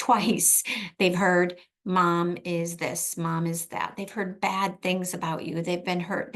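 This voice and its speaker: A middle-aged woman, a therapist, giving earnest advice in a direct talk, slowing down to stress key points. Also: lowish voice.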